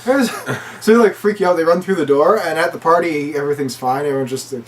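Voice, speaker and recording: A man casually retelling a movie plot, with lots of "like" fillers, and he jumps into high voices to quote the characters. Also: a little fast, far from the mic. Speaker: movie reviewer.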